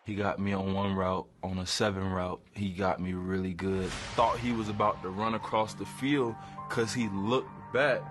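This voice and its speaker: Football guy, deep and flat, chill way of telling it. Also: moderate pace, music in the background. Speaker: football player. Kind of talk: casual interview.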